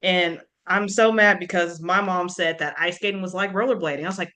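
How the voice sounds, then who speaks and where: A woman hosting a casual book club chat, talkative and animated, laughing often as she retells scenes. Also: on the low side, a little fast, hardly any pauses. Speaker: book club podcast host.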